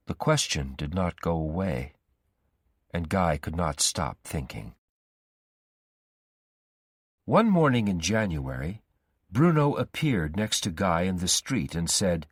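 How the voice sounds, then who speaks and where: A man reading a simplified story aloud slowly and deliberately for English learners. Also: a bass voice, animated, breathy edge, no room sound, studio quality. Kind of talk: graded reader narration for English learners.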